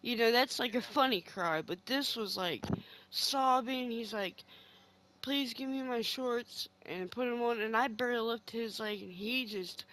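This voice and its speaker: A woman's voice: on the high side, normal speed, a bit bright, a little hiss or hum, poor audio. A middle-aged woman streaming a game from her home game room, telling a long story in a heated, profane, rambling way. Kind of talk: casual storytelling chat while gaming.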